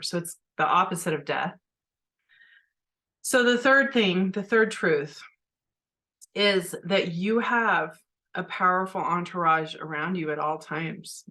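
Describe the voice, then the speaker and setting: A middle-aged woman with a somewhat low voice talks on her podcast about spiritual matters. Her delivery is earnest and heartfelt, reflective and personal. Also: fairly bright tone. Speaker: podcast host.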